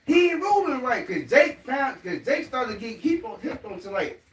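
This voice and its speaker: A man's voice: very high voice, very animated, normal speed, fairly bright tone. A man speaking heatedly and with profanity in a casual religious group chat. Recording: echoey room, distant mic, faint noise.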